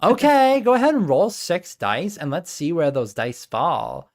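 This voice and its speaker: A man's voice: fairly high pitch, sing-song, measured pace. A young man running a tabletop game on a live stream, talking in a put-on valley girl voice, joking, swearing and laughing often.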